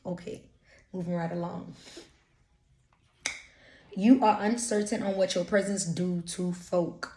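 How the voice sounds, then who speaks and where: A woman's voice: on the low side, steady tone, a little slow, pauses often, dark tone, slight background noise. Blunt woman, roomy echo. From Louisiana. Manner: blunt, profane, streetwise slang. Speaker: intuitive reader. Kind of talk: casual channeled energy reading.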